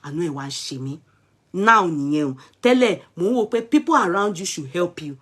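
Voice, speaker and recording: A Nigerian-accented woman comments on celebrities in her vlog, chatting emphatically and switching between English, Yoruba and Pidgin at will. Her fairly low, fairly bright voice is brisk, with big swings in pitch.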